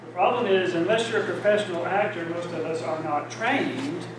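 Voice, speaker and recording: A man's voice: high-pitched, normal speed, background noise. A middle-aged man leading a church Bible study group, teaching in a conversational, self-deprecating way. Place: church meeting room. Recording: echoey room recorded from far off.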